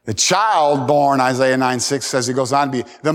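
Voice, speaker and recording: A middle-aged man preaching a sermon, folksy and emphatic, climbing to loud high peaks and repeating words. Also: normal speed, few pauses. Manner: emphatic, rising loud at key points. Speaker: pastor.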